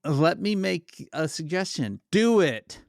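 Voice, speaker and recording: A man's voice: on the high side, sing-song, slow, creaky, dry recording, clean studio sound. A man co-hosting a podcast, teasing and playful in casual chat. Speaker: podcast co-host.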